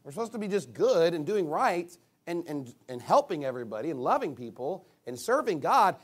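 High, lively preaching man. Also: breathy edge. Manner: animated preaching with mocking asides and shouted bursts; reads scripture slowly with rising emphasis. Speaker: pastor. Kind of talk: sermon.

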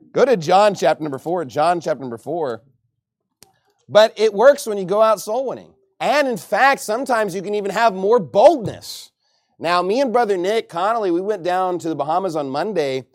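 Preacher from Texas, a man with a high voice, lively, jokey, emphatic delivery. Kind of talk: sermon.

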